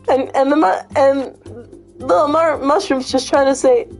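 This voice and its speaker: Higher-pitched woman vlogger, swears a lot, animated storyteller. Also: measured pace, faint music behind. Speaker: vlog host. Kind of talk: casual chat and retelling.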